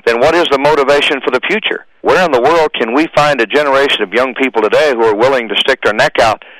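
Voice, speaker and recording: A man's voice: on the low side, a bit bright, dry recording, low-quality recording. Man reciting with preacherly intensity, dry sound. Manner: dramatic, preacherly delivery. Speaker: speaker at high schools. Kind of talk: impassioned recitation and speech.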